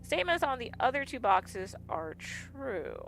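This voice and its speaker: A woman's voice: a little high, big pitch swings, a little slow, vocal fry, a bit bright. A woman streamer chatting casually while she plays, laughing often and acting out the lines of others in her stories. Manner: chatty, laughs often, acts out quoted dialogue. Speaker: game streamer. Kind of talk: casual storytelling while gaming. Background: faint game music.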